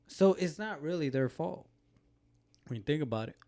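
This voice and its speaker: A man's voice: on the high side, expressive, moderate pace, mellow. Young male co-host, laid-back and rambling, casual profanity, filler-heavy chat.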